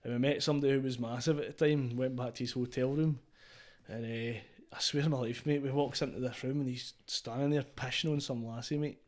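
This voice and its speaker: A man's voice: mid-range voice, fairly even intonation, brisk. A Scottish man from Falkirk, a DJ guest telling sweary stories in casual podcast chat. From Scotland. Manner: sweary, laughing storyteller.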